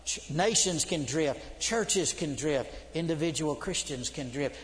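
A middle-aged man preaching a sermon, urgent and emphatic, swinging from loud to hushed. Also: fairly high pitch, measured pace, few pauses. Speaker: preacher, seminary dean. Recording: long hall reverb.

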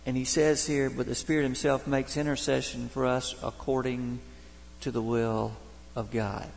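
Gravelly preacher in a hall. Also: male voice, mid-range voice, little pitch movement, normal speed, a little hiss or hum. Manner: folksy storytelling, homespun humor. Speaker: Baptist pastor. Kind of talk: sermon. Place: church sanctuary. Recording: long reverb of a church hall.

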